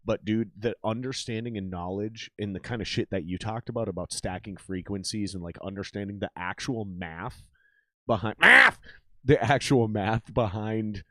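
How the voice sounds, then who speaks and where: A man hosting a podcast in a casual, animated, profane talking style. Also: lowish voice, moderate pace, dry recording, clean studio sound. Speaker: podcast host.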